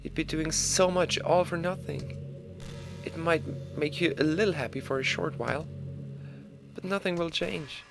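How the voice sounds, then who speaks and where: A man voicing a sad, pleading young woman from a video game, speaking softly and hurt. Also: fairly high pitch, normal speed, creaky, music in the background.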